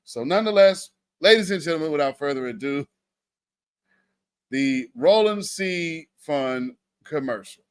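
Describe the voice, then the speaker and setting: A man hosting a livestream delivers commentary to his viewers with an emphatic, preacherly cadence. His voice is slightly high and expressive, at a measured pace.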